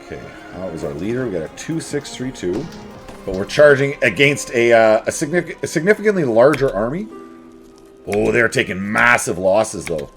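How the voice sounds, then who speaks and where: Man, casual gameplay commentary, playful and jokey, lively swooping pitch, faint background music. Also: normal speed. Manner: playful, jokey, talks to the game units. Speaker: strategy game streamer. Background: faint game music.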